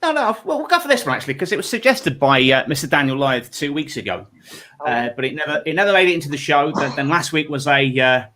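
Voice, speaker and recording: A man hosts a casual online panel show in a bright, forceful voice. His pitch sits a bit high and swings about a lot. He teases his guests and mocks himself, and he often says the same thing twice. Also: big pitch swings, quick pace. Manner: teasing, self-mocking, repeats himself.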